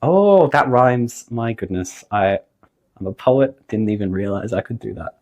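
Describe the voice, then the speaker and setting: A man giving a singing lesson to camera, upbeat and jokey, his voice slightly hoarse after the flu. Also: fairly low pitch, animated, unhurried, darkish tone. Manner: upbeat, jokey, emphatic on key points. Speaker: singing teacher.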